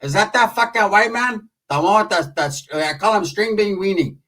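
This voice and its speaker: A man doing a brash middle-aged aunt, shrill, scolding, raised pitch. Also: lively intonation, normal speed, bright, forceful tone, far from the mic.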